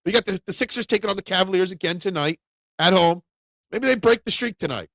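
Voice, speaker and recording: A man hosting a casual sports talk show, opinionated and animated, raising his voice when he rants. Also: sits high, quick pace, vocal fry, no echo. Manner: opinionated, animated, gets loud when ranting.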